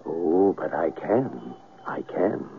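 An actor playing a mysterious, commanding foreign hypnotist in a 1970s radio drama, with a purring, theatrical delivery. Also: male voice, low voice, animated, takes it slowly, creaky, a little hiss or hum, full character voice. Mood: sly. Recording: tinny lo-fi radio broadcast.

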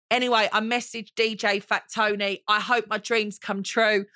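A woman talks straight into a close mic, gushing and theatrical as she hosts her solo podcast. Her voice is bright and forceful, and the recording is dry. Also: mid-range voice, little pitch movement, normal speed, hardly any pauses, no echo. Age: 40s. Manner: gushing, theatrical, calls listeners honey. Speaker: podcast host. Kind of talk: chatty solo podcast monologue.

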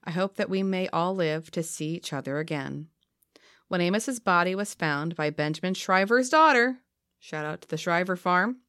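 A woman co-hosting a podcast late in the evening, half asleep but chatty. Her voice sits a little low and sounds dry and close to the mic. She moves from casual talk into reading out a history story. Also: a bit bright, clear, resonant tone, no room sound. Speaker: podcast co-host. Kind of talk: casual chat and read-out history.

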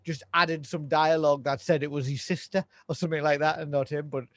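A man's voice: on the high side, steady tone, a little fast, fairly bright tone, no echo. A man co-hosting a podcast in casual chat, making dry, wry jokes and chuckling now and then. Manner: dry, wry humour, chuckles, a few stammers. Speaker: podcast co-host.

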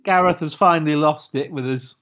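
A man co-hosting a comedy podcast, teasing and quick. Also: on the high side, crowd noise. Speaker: podcast co-host.

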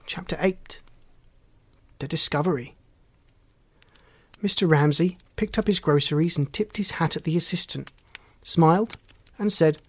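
An adult reading a children's storybook aloud with gently humorous narration. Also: medium pitch, measured pace, pauses often, dry recording.

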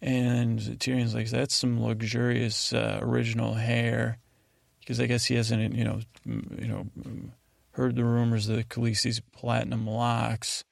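A man hosting a podcast, rambling through a slow, meandering recap full of fillers and casual paraphrased dialogue. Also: mid-range voice, monotone, creaky, no echo, clean studio sound. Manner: paraphrases scenes in casual voices. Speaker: podcast host.

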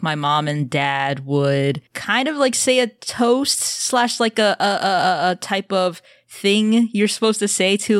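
A woman co-hosting a podcast in casual chat, animated, swearing and laughing often. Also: low voice, no echo, studio quality. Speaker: podcast co-host.

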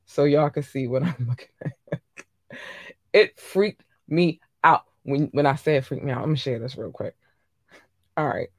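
A woman's voice: low-pitched, normal speed, pauses often, a little mellow, no echo, studio quality. A woman hosting a casual gossip podcast, talking bluntly and animatedly, swearing freely and repeating herself for emphasis. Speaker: podcast host.

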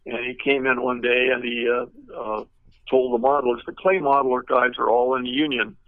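A man's voice: medium pitch, flat delivery, brisk, no echo. An older man, a retired car designer, telling stories in a rambling way with many fillers and restarts. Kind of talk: anecdotal storytelling. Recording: tinny phone-like line, dry.

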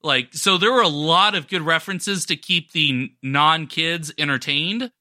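A man's voice: fairly high pitch, moderate pace, sharp tone, dry recording, clean studio sound. A man cohosting a podcast, chatting enthusiastically about a movie and often restarting his sentences. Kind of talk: casual chat.

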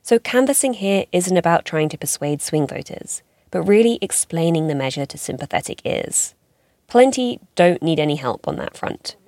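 A woman reporter giving scripted news narration in a measured, explanatory way. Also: on the low side, lively intonation, darkish tone, no echo, clean studio sound.

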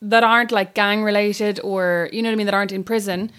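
A woman's voice: medium pitch, steady tone, fast, a bit bright, clear, resonant tone. A woman chatting casually as a podcast co-host, blunt and frank, with the odd swear word. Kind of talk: casual chat.

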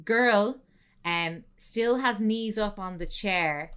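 Animated storytelling woman podcast host. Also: mid-range voice, takes it slowly, clean tone. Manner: animated, swearing, laughing. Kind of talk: comedic storytelling chat.

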